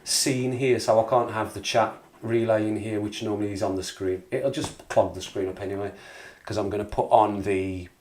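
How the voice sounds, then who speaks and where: A man's voice: on the low side, fairly even intonation, moderate pace, darkish tone, a little hiss or hum. Chatty Black Country man streaming live. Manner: chatty, jokey, reads out viewer messages. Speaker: livestream host. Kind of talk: casual live-stream chat. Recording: echoey room.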